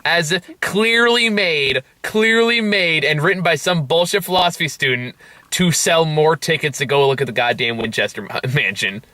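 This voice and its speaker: A man with a bright, forceful voice, pitched a little high for a man. He hosts a casual movie review, sarcastic and quick to laugh, swearing freely. The sound is dry and close. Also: dry recording. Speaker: movie review show host.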